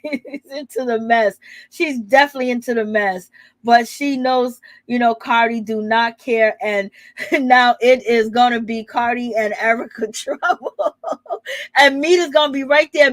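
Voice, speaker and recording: A woman's voice: on the high side, dry recording. A woman hosting a casual reality TV recap, chatting animatedly, laughing often and acting out quoted lines. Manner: animated retelling with quoted dialogue. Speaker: gossip channel host.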